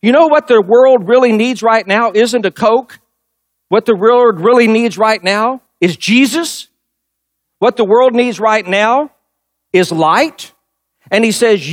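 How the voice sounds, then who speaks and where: A man's voice: high-pitched, slow, dry recording, studio quality. A middle-aged male pastor preaching a sermon, telling a personal story and driving points home with emphatic repetition.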